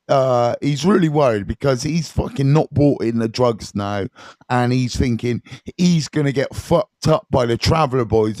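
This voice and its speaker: A man, a recovery mentor telling stories to viewers on a live stream, casual and animated, swearing freely and often checking in with his listeners. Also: mid-range voice, no echo. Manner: animated, swears freely, keeps checking in with "right?" and "you know what I mean".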